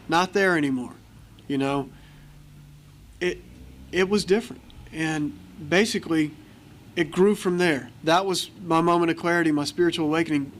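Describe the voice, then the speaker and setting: A man's voice: on the high side, slight background noise. An American man speaking at a recovery meeting, telling his story candidly and acting out the voices of people in it. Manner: candid storytelling, acts out quoted dialogue. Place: meeting hall.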